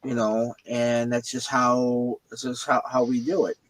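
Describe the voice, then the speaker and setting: A man's voice: mid-range voice, little pitch movement, a little slow, low-quality recording. A man hosting a casual video chat, rambling and repeating his words. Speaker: host. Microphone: video call.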